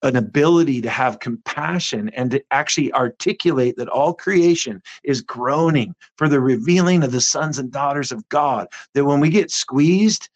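A man's voice: medium pitch, normal speed, hardly any pauses. A middle-aged man, a guest on an interview, telling a faith story earnestly with many restarts.

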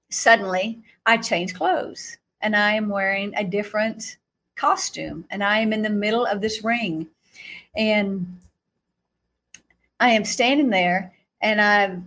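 A woman guest speaker recounting a vision in animated storytelling, acting out quotes and laughing often. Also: medium pitch.

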